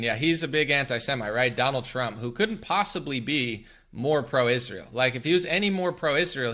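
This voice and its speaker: A man's voice: mid-range voice, bright, forceful tone. A man hosting a political commentary podcast, talking in a combative, emphatic rant. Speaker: podcast host.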